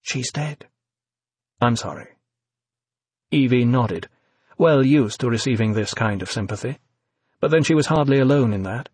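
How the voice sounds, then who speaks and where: Husky-voiced man narrating an audiobook. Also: mid-range voice, normal speed, a little mellow, dry recording.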